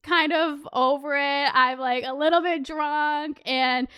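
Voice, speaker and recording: A young woman telling a story in casual chat, animated and swearing, full of "like" fillers. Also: sits high, slow pace. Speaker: podcast host.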